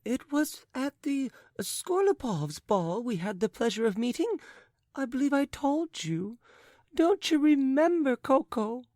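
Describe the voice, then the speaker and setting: A woman's voice: high-pitched, animated, unhurried, darkish tone, no room sound, studio quality. A woman voicing a flighty, chattering society lady in an audiobook. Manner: twittering, affected. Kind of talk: audiobook character reading.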